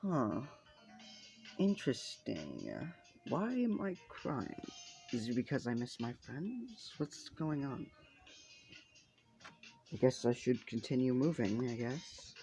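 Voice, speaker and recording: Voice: medium pitch, very animated, measured pace, darkish tone, pitched above the performer's own voice. A narrator voicing a polite, wondering teenage boy who is centuries old, with old-fashioned exclamations, over faint game music. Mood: puzzled. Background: faint video game music.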